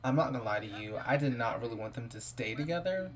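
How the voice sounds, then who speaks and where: A man's voice: medium pitch, animated, quick pace, a little hiss or hum. A man giving casual, playful let's-play commentary, gossiping about his characters and improvising their lines. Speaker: gameplay commentator.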